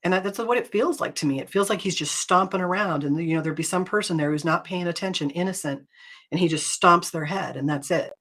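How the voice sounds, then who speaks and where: Husky-voiced woman talking earnestly. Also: lowish voice, fairly quick, fairly bright tone. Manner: earnest, emphatic, speaks straight to viewers. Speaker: host. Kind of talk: live faith-based talk.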